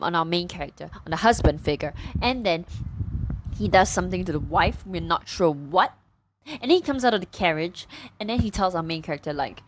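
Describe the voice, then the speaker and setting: A woman in a casual book chat who retells the story in a rambling, excitable way, tripping over fillers. Her voice sits fairly low for a woman. Faint clicks can be heard in the background. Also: slight background noise, poor audio. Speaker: book reviewer.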